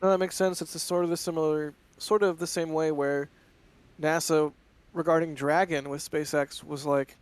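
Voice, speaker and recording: A man co-hosting live stream commentary and reading viewer messages in a quick, conversational way. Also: a little high, fairly even intonation, smooth, dry recording.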